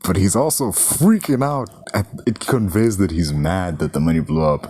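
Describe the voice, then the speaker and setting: A man's voice: deep voice, moderate pace, darkish tone, breathy edge. A man giving a casual, rambling movie review, swearing freely and saying "like" a lot. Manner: rambling, profane, heavy use of "like".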